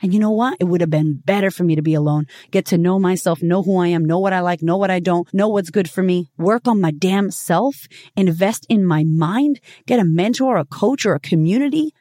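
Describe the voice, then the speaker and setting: A woman's voice: lowish voice, mellow, no room sound. Woman podcast host, cussing motivational pep talk, lots of rhetorical questions, dry close sound. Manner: blunt and profane, with frequent rhetorical questions; emphatic, swinging between punchy and drawn-out phrases.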